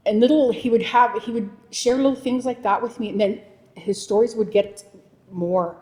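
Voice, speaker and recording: A woman in her forties telling a heartfelt personal story in a teaching session, halting and restarting as she speaks. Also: a little high, darkish tone. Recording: long hall reverb.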